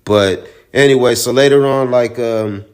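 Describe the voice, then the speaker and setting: A man's voice: mid-range voice, a little slow, darkish tone. A man who owns a comic shop, casually recapping a comic book in a rambling, profane, chatty way. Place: own store in Houston.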